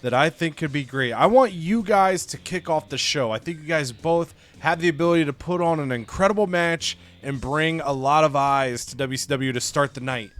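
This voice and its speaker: A man voicing a female wrestling manager who pitches an offer to two wrestlers. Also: normal speed, few pauses, a bit bright, faint music behind, close to an everyday voice. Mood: persuasive.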